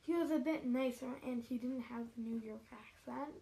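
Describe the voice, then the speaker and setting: A woman's voice: on the high side, normal speed, vocal fry, mellow. A woman chatting casually and arguing her point insistently. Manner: argumentative, insistent. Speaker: listener. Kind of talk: casual chat.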